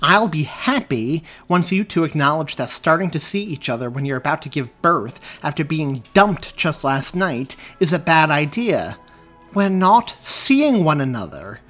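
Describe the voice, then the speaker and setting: Man putting on a sharp sarcastic young woman, raised pitched voice, lively swings, storybook reading. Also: measured pace, faint music behind, full character voice.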